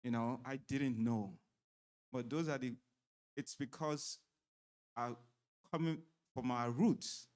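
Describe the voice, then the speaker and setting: A man's voice: mid-range voice, darkish tone. A man speaking at a church marriage seminar in a conversational way, explaining things with everyday examples.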